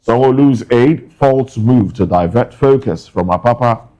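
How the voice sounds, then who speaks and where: A man's voice: medium pitch, measured pace, mellow, low-quality recording. Man reading newspaper headlines. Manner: reads headlines in clipped bursts with brief asides. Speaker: news show co-host.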